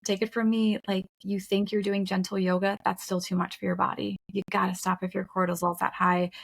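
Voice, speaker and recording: Her medium-pitched voice carries vocal fry as she co-hosts a podcast, recounting her own experiences in a frank, emphatic, casual style and sometimes swearing.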